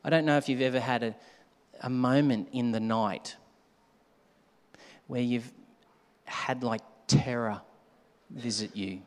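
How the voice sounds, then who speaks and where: A man preaching a sermon, animated, at times shouting to act out a scare and dropping to a hush. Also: medium pitch, slow pace, long pauses. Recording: long hall reverb.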